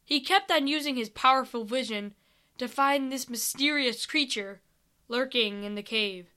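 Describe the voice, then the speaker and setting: Woman reading a fantasy story out loud, high bright voice, takes her time. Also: normal speed.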